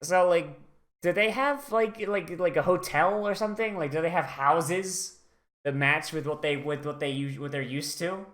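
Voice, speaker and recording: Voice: medium pitch, moderate pace, a bit bright. A streamer giving casual, rambling watch-along commentary on an anime, swearing often and using lots of fillers.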